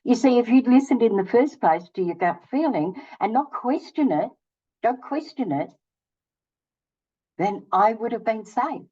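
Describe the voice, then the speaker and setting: Lively older woman telling a story. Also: fairly high pitch, moderate pace, hardly any pauses, lo-fi sound. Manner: animated, acts out both sides of conversations. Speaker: channel host. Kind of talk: casual storytelling to camera.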